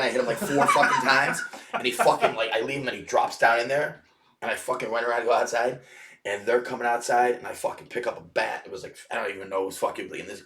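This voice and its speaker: A man, a podcast guest, telling rough stories in a rambling, profanity-heavy casual way. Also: lowish voice, fairly bright tone, distant mic. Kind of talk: casual storytelling. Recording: echoey room, off-mic.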